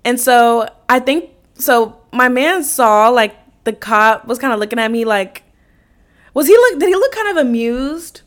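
A young woman hosting a podcast, telling a story in a casual, animated way, swearing and acting out the quotes. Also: fairly high pitch, unhurried. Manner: animated, profane, acts out quotes with laughs. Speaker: podcast host.

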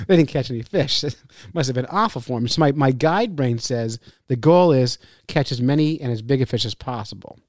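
A man co-hosting a fishing podcast, a laughing, animated storyteller in casual chat. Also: medium pitch, normal speed, hardly any pauses, no room sound, clean studio sound. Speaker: podcast co-host and fishing guide.

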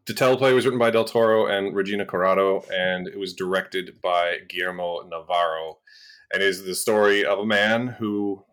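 Low-voiced man in measured review chat. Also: fairly bright tone, clean tone. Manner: measured, hesitant with fillers, explaining. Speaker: podcast co-host.

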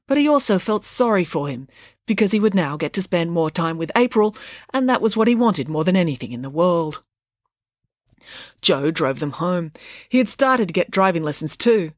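A woman narrating an audiobook with expressive storytelling. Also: fairly low pitch, dry recording, studio quality. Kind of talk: scripted narration.

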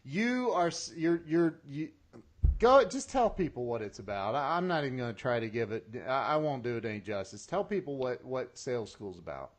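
A man's voice: mid-range voice, animated, normal speed. A man hosting a podcast interview, enthusiastic and laughing often, starting his sentences over. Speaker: podcast host. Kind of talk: casual interview chat.

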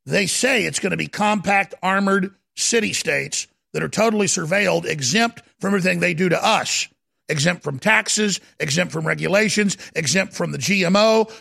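Fiery male commentator with a raised, gravelly voice; urgent, repetitive rant. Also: high-pitched, moderate pace, a bit bright. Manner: ranting, urgent, repetitive and dramatic. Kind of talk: impassioned monologue.

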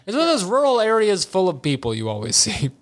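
A man's voice: high-pitched, huge pitch swings, fast. A man co-hosting a podcast, recapping an anime episode in casual comedic chat and slipping into silly voices. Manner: jokey, does silly character voices. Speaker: podcast co-host.

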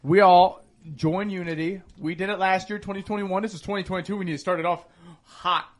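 A man hosting a casual podcast, loud, crude and joking. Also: sits high, steady tone, fairly quick.

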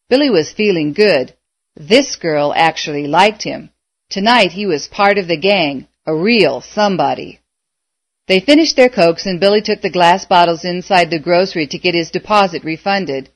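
A woman narrating a story aloud in a measured, expressive way. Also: lowish voice, dry recording. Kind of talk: audiobook narration.

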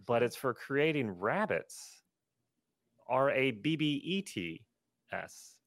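A rambling, awkward customer, as a man improvises him for a comedy podcast, with a lively voice that swings up and down. He is self-deprecating and overexplains everything. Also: medium pitch, slow, no room sound, clean studio sound. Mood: explaining.

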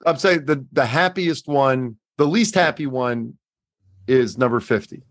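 A man's voice: medium pitch, unhurried, no echo. A man hosting a podcast, running a quiz and teasing his co-hosts before revealing answers. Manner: teasing, game-show style reveals. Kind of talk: casual banter.

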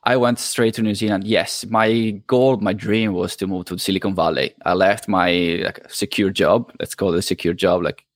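Deep-voiced Italian man, halting speech. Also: steady tone, no echo, studio quality. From Italy. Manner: halting, with many restarts. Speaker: guest. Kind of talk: casual interview chat.

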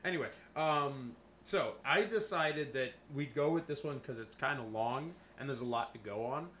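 Male podcast co-host, mid pitch, swearing and jokey, roomy echo on the mic. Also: normal speed, fairly bright tone, slight background noise. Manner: joking, swears, laughs often. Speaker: podcast co-host presenting the episode. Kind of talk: casual podcast banter. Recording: echoey room.

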